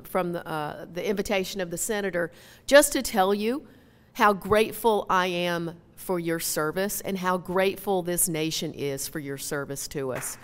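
A woman's voice: on the low side, smooth. Minnesotan woman speaking at a podium. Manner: folksy, earnest, filler-heavy speech. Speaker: member of Congress. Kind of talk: town hall speech. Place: large hall. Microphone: podium mic. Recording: long hall reverb.

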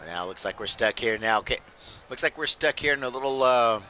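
A man's voice: mid-range voice, a little fast, sharp tone, a little hiss or hum. A man casually calling a video game wrestling match play-by-play for a live stream, often addressing the audience as folks and joking as he goes. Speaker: host and play-by-play commentator.

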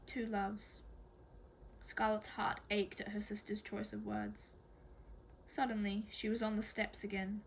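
A woman reading a novel aloud as an amateur audiobook reader, in a steady, plain storytelling manner. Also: mid-range voice, slight background noise, poor audio.

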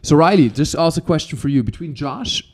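A man's voice: a little high, expressive, fast, a little mellow. A young man hosting a casual podcast chat, joking and laughing often. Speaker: podcast host.

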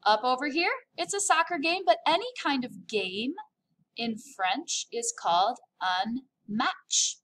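A woman's voice: high voice, takes it slowly, a bit bright, a little hiss or hum. An upbeat, playful woman teaching a recorded French lesson, drawing out words to model pronunciation.

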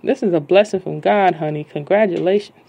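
Woman narrator voicing a blunt, weary cabbie with a "don't waste my time" edge. Low, mellow voice. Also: a little fast, gravelly. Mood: amazed. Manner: terse, no-nonsense, calls people honey. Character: weary middle-aged female cab driver, blunt.

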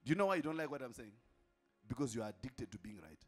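A man preaches a sermon with a very lively, swooping voice. He calls out to the crowd, repeats phrases for weight and sometimes shouts, with faint music playing behind him. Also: medium pitch, fast talker. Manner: emphatic, calls out to the congregation, repeats lines for effect, at times shouting. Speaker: apostle preaching.

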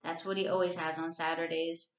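Teacher lady reading a book out loud, steady storytelling, echoey and a bit muffled. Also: fairly low pitch, fairly quick. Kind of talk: reading a novel aloud. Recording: roomy, slightly dull recording.

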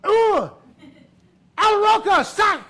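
A man putting on an excitable male fan with an exaggerated fake French accent, shouting with delight. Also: very high-pitched, very slow, voice pushed up, full character voice. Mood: starstruck. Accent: put-on French. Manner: shouting, gushing.

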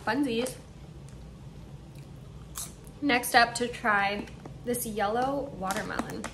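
A young woman with a fairly high voice talks through her shopping haul in a casual, excited way, thinking aloud as she tries each snack. She is at home, and a faint hum runs under her voice. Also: slow pace. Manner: chatty, excited, thinks aloud while tasting. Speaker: vlogger. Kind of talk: casual haul and taste-test vlog. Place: indoors at home, air conditioner running.

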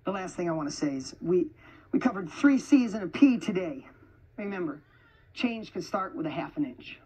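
A woman giving an energetic, emphatic motivational speech to an audience in an event hall, repeating phrases for effect. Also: lowish voice, normal speed, slightly rough. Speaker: motivational speaker.

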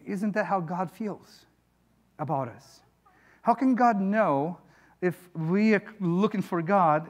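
A man preaching a sermon as a pastor in a church, earnest and emphatic, building to questions. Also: sits high. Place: church sanctuary.

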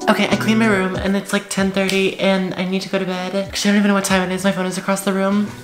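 A woman's voice: mid-range voice, little pitch movement, racing, faint music behind. A teenage girl vlogging casually at home, chatty and self-mocking, filling her talk with "like", recorded on a camera mic in her bedroom. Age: teens. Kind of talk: casual vlog chat.

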